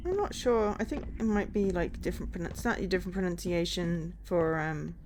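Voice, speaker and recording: A woman giving casual, halting commentary while streaming a game, often trailing off mid-thought. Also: on the low side, background noise.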